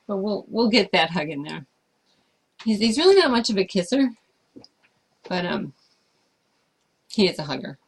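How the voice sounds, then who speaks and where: A woman's voice: medium pitch, sing-song, moderate pace, long pauses, husky. A woman chatting casually as she answers viewer questions about life with her service dog, thoughtful and hesitant, with frequent fillers. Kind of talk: casual Q&A chat.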